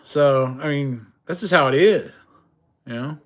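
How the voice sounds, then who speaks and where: A man's voice: on the high side, lively intonation, moderate pace, a bit bright. A middle-aged man chatting on a livestream, talking tough and blunt, swearing freely and rambling with stammered restarts. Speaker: livestream host. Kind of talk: casual livestream chat.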